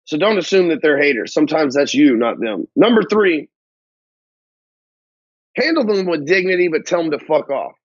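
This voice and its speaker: Guy with a kinda high voice ranting about business, cusses a lot, dull dry audio. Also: expressive, normal speed, long pauses, no room sound. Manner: blunt, heavy swearing, slangy grammar. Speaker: business coach. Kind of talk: profane motivational talk to camera.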